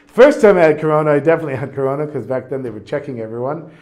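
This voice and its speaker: A man teaching a class on a religious text, reading passages and translating them in a relaxed, conversational way. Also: on the high side, very fast. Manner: casual, reads Hebrew passages then translates. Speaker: Torah teacher.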